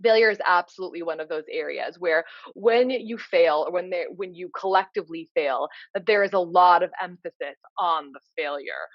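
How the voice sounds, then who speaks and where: A woman coach talks through her lesson in an earnest, explanatory way, leaning on "you know" as she goes. Her voice sits on the low side, and the recording is dry and a touch dull. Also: normal speed, hardly any pauses, dry recording. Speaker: leadership coach. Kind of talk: informal coaching lecture.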